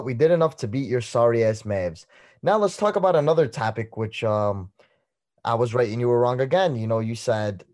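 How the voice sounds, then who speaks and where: A man's voice: medium pitch, a little mellow. Young guy gloating about basketball, smug and teasing, plain mid voice. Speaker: podcast co-host. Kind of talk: trash-talking sports debate.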